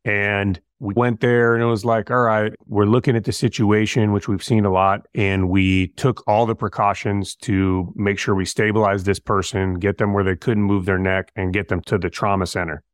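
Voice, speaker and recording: A middle-aged man, a firefighter guest, telling stories in a relaxed, slangy way and acting out bits of dialogue. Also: lowish voice, moderate pace, hardly any pauses, clean tone, dry recording, studio quality. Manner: laid-back, slangy, acts out dialogue. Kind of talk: casual storytelling interview.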